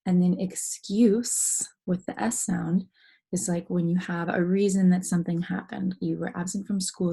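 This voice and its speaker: Husky, gravelly woman teaching phonics. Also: fairly low pitch, steady tone, mellow. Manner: slow, careful, explaining step by step. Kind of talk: phonics lesson for young students.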